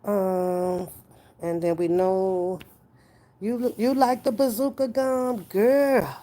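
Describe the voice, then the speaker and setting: A woman's voice: low voice, mellow. A woman hosting a live stream, chatting playfully and loosely with her viewers as she answers their questions.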